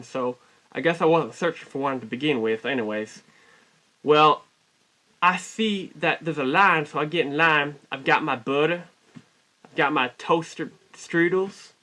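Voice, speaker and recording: A man rambles through a deadpan comic monologue in a put-on Southern US drawl. His voice is bright and ringing, a little high for a man. He keeps correcting himself in a mock-folksy way. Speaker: comic storyteller.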